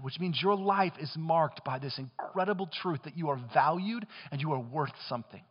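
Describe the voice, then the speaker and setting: High-voiced guy preaching, gets loud then goes real quiet, long echo in a big hall, kinda muffled. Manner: impassioned, swings between loud and hushed. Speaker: pastor. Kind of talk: sermon.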